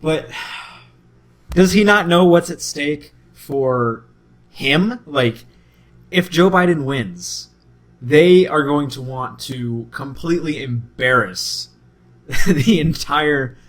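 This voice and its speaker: A man's voice: on the high side, lively intonation, measured pace. Emphatic man, indignant podcast co-host. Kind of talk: casual political chat.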